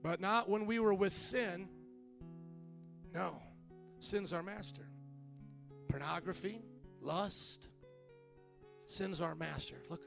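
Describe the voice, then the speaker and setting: A man delivers a sermon as pastor, his voice pitched high with a gravelly fry running through it. He drives points home by repeating them and prompting the congregation to answer back, with a soft guitar playing behind him. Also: takes it slowly, long pauses. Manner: repetitive preaching with call-and-response.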